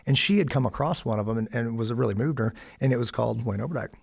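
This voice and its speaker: A man from the United States telling a personal story in a conversation, animated and acting out the voices of others. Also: mid-range voice, racing, gravelly, husky. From Kansas City, USA. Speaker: podcast guest.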